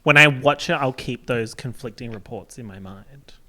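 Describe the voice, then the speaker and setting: A man's voice: mid-range voice, moderate pace, bright, forceful tone. A man guesting on a podcast, chatting in a playful, jokey way. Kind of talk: casual chat.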